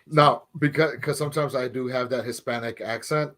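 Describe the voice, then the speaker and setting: A man co-hosting a movie podcast in casual chat, relaxed and rambling with many fillers. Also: medium pitch, brisk. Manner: relaxed, rambling, lots of likes and ums. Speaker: podcast co-host.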